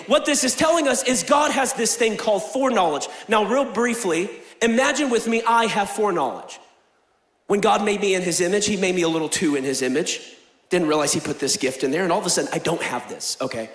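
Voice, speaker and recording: A young male pastor with a high voice preaches in a big church hall where every word rings off the walls. He jokes and teases, then climbs into loud, emphatic declarations before dropping to near-whispered asides. The delivery stays lively and theatrical. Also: a little fast. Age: young adult. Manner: animated, shifts between loud proclaiming and quiet asides. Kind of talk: energetic sermon with jokes.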